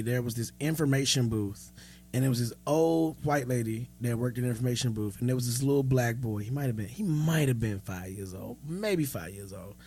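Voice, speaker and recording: A man in his thirties co-hosting a podcast, telling stories in casual chat and acting out the dialogue he quotes, frank and profane. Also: mid-range voice. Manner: animated storyteller who acts out quoted dialogue. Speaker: podcast co-host.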